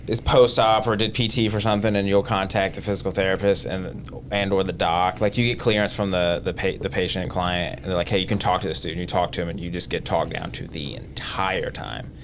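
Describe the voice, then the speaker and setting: A man's voice: low-pitched, fairly even intonation, fairly quick, hardly any pauses. A man, a gym owner and trainer, chatting bluntly and emphatically as a podcast guest. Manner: blunt, emphatic, speaks from experience. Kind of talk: casual podcast chat. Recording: noticeable background noise.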